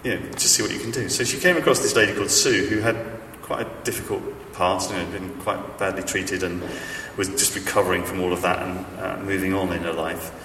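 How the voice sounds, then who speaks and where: Male preacher, low-ish voice, rambling storyteller; recorded off-mic in a reverberant hall. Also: steady tone, a little fast, few pauses, fairly bright tone, distant mic, slight background noise. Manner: chatty, self-deprecating, many fillers and restarts. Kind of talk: sermon with stories. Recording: echoey hall, speaker off-mic.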